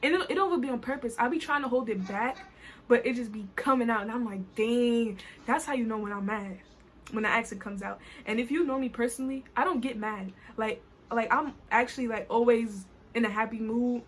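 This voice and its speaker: Animated young woman with a Caribbean accent. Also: on the high side, brisk, slight background noise. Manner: animated and indignant, colloquial. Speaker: vlogger. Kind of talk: storytime vlog. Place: New York.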